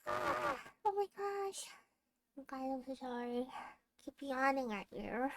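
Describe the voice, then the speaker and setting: A woman's voice: high voice, wildly swooping pitch, slow pace. A sleepy woman streamer chatting casually with her viewers, rambling and giggling, with lots of restarts.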